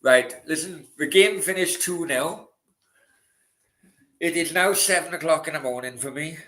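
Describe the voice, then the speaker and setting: A man hosting a football watchalong in a relaxed, chatty way, signing off to viewers. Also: fairly high pitch, measured pace. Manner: relaxed, chatty, laughing often. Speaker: host. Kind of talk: casual chat. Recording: roomy echo.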